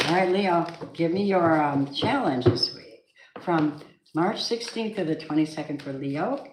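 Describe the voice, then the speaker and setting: Low-voiced woman giving a chatty tarot reading. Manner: chatty, emphatic, sings snatches of songs. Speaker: tarot reader. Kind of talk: casual tarot reading monologue. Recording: echoey room with faint noise.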